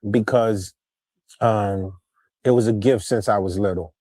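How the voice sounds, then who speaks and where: A man's voice: lowish voice, steady tone, a little slow, warm tone, no echo, studio quality. A man talking casually on a podcast, explaining things loosely and often asking "you know what I'm saying". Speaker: podcast guest.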